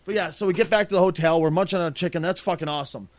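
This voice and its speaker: A middle-aged podcast host with a highish voice tells a profane story in rapid-fire bursts. He's casual and animated, acting out what people said.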